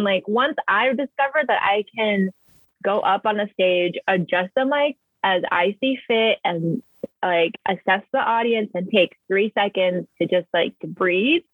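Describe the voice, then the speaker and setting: A woman poet rambles through a casual conversation, filling it with lots of "like" and "um." Her mid-range voice comes over a tinny phone line that sounds dry.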